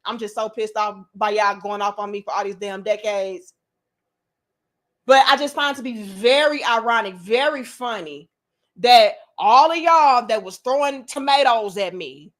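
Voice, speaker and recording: Woman host, high voice, outspoken and profane, monologue style. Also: fairly bright tone. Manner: blunt and profane, slips into mocking quoted voices. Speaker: commentary channel host. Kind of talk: opinionated monologue to camera.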